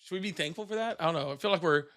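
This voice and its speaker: A man with a high, bright, forceful voice hosts a casual livestream chat. He jokes and teases the callers and laughs often. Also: racing. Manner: joking, teasing, laughs often. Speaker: livestream co-host.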